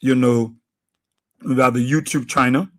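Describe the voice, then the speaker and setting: Man greeting radio listeners. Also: medium pitch. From Liberia. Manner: unhurried, steady listing of names and places with many "uh" pauses. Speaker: radio host. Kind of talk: live radio shout-outs to listeners.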